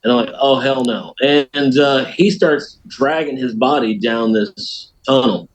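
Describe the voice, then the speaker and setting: An American man, a podcast guest, telling a story in a folksy, animated way. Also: medium pitch, a little slow, rough recording. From United States. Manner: animated storyteller, folksy, laughs at his own tale. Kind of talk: casual storytelling.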